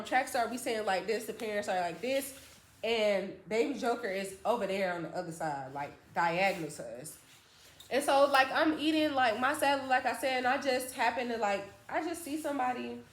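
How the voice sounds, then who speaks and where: Chatty woman telling a story, echoey room. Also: on the high side. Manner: chatty, animated, acts out quotes from friends. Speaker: storytime vlogger. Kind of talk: casual storytelling to camera.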